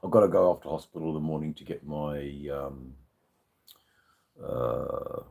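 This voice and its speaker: A man's voice: rumbling low, unhurried, vocal fry, pauses often, a little mellow. A man with an Australian accent hosting a casual live stream, a bit tipsy, rambling and swearing as he answers viewers' comments. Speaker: livestream host.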